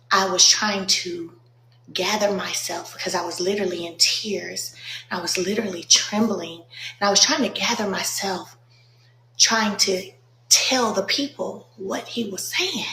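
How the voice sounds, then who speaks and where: A woman tells her followers a personal testimony in a slow, halting way, pausing often and filling gaps with soft ums. She sounds earnest and moved, fighting back tears. Her voice rings in a roomy space over a faint ambient hum. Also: medium pitch. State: emotional, holding back tears. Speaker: faith vlogger.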